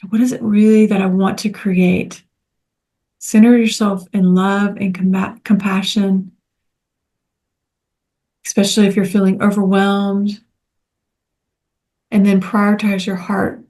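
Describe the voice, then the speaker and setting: Soft-spoken woman walking a group thru steps, flat even tone, gentle. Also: medium pitch, a little slow, pauses often. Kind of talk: guided teaching talk.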